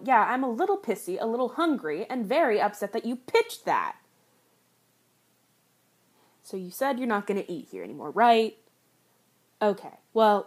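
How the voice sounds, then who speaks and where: A young woman voicing a teasing, foul-mouthed young fast-food worker in an adult audio role-play, often dropping into a breathy whisper. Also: mid-range voice, warm tone, full character voice. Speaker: voice actor.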